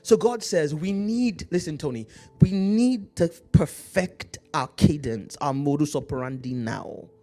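Male preacher with an African accent, slightly higher voice, emphatic sermon delivery, faint music bed behind. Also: expressive, a little mellow. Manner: emphatic preaching, slows to read scripture, calls out to the congregation. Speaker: pastor.

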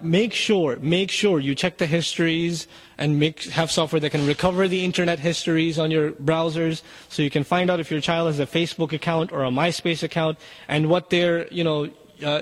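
A man's voice: a little high, in a large hall. A man giving an urgent sermon to parents, exhorting them directly. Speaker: Muslim speaker.

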